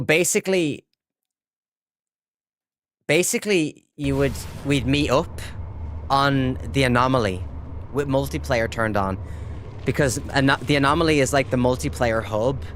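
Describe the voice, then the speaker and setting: A man's voice: mid-range voice, moderate pace, long pauses, a bit bright, a little hiss or hum. A young adult Irish man chatting casually with viewers while he plays a game on a live stream. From Ireland. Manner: chatty, reads out chat and answers viewers, upbeat.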